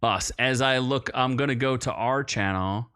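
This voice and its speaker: Young man, podcast co-host, casual rambling chat, restarts sentences, mid pitch. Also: normal speed, clear, resonant tone. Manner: rambling, self-interrupting, animated when excited. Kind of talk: casual movie review chat.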